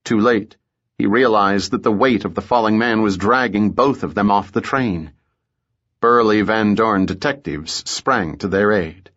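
A man reads an audiobook in a measured, steady storytelling voice that sits on the low side. The recording is dull and lo-fi. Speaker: audiobook narrator. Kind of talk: scripted narration.

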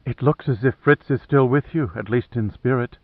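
A man's voice: medium pitch, normal speed, no room sound, lightly acted. A man voicing a kind woman who speaks in a reassuring way. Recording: thin phone-like dry audio.

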